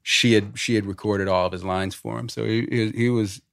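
A man's voice: lowish voice, steady tone, fairly quick, vocal fry, fairly bright tone, no room sound, clean studio sound. A man in his forties, a podcast guest, telling stories animatedly in casual chat and swearing freely. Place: podcast studio.

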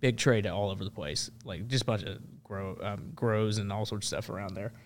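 A man's voice: on the low side, brisk, a little hiss or hum. A man, a military veteran, telling a story as a podcast guest in a loose, rambling way full of restarts. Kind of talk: casual storytelling.

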